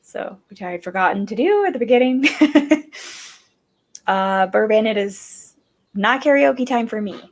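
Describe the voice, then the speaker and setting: A woman hosting a live stream, chatty and quick to giggle. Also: a little high, animated. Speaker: host. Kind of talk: casual chat on a live stream.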